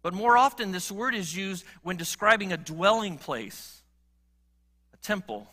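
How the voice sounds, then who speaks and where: A middle-aged male pastor preaching a sermon, earnest and swinging from emphatic appeals to quiet, low moments. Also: animated, measured pace.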